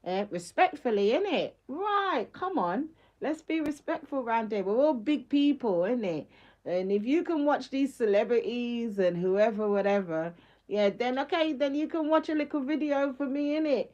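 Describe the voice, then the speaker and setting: A middle-aged woman holds forth on a live stream, her voice sitting fairly high. She talks emphatically, full of street slang, and laughs often as she goes. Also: expressive, normal speed, darkish tone, highs cut off. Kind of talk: casual live-stream talk.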